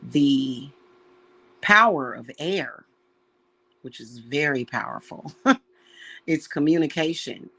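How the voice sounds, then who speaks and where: A woman who works as a witch and reader, talking casually and with feeling to her viewers, calling them y'all. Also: rumbling low. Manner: slow, heartfelt, emotional, addresses viewers as y'all. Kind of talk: casual spiritual talk to viewers.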